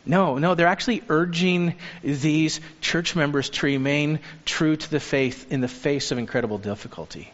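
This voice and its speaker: A man preaching a sermon as a pastor, earnest and urging, turning lively when he acts out the people he quotes. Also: a little high, moderate pace, hardly any pauses. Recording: dull sound with long reverb of a hall.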